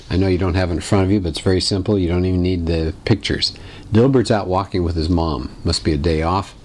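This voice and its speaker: A man's voice: deep voice, darkish tone, a little hiss or hum. A man giving a classroom lecture, explaining in a conversational way and asking the class questions. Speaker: teacher.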